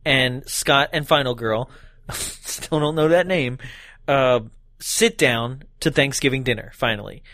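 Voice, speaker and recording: A man's voice: medium pitch, measured pace, a bit bright, no echo, clean studio sound. A man recapping a movie in casual chat, laughing often and acting out characters in exaggerated voices. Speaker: podcast co-host.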